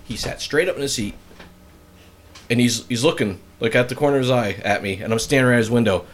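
A middle-aged man in casual group conversation, telling stories with lively acted-out quotes. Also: mid-range voice, fast talker. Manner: animated storyteller, acts out shouting quotes. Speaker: storyteller in group chat. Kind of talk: casual chat.

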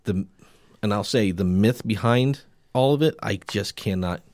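A man's voice: on the low side, a little slow, a little mellow, no room sound, studio quality. A man co-hosting a casual podcast, rambling and joking with plenty of restarts and fillers, with a Northeastern Pennsylvania accent. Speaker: podcast co-host. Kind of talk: casual chat.

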